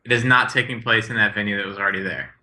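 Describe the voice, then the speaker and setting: A man's voice: fairly low pitch, steady tone, very fast, sharp tone. A man co-hosting a casual tech podcast, joking, laughing easily and asking probing questions. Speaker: podcast co-host.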